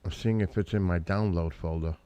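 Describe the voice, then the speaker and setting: A middle-aged man hosting a live stream, chatting casually and rambling between searches and loud exclamations. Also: deep voice, steady tone, brisk, no room sound, lo-fi sound. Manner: rambling, talks to chat and family, breaks into loud exclamations.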